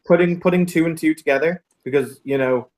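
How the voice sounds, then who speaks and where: A man with a slightly high voice plays a tabletop game over voice chat. He talks bluntly and casually, often sounding exasperated. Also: a little fast, a little mellow, low-quality recording. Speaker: player.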